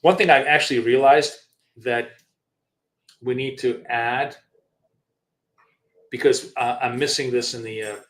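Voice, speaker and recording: A man of ordinary pitch talks through his trades on a live screen-share. He rambles and thinks aloud, filling gaps with ums and restarting his sentences. He swears offhandedly now and then. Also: measured pace, long pauses. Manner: swears casually. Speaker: trading show host.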